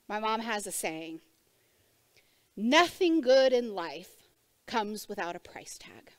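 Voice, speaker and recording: A woman's voice: mid-range voice, very animated, takes it slowly, pauses often, no room sound. A woman giving a conversational sermon in a church, asking the congregation direct questions. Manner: conversational preaching, asks the room direct questions. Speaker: church speaker. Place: church service before a congregation.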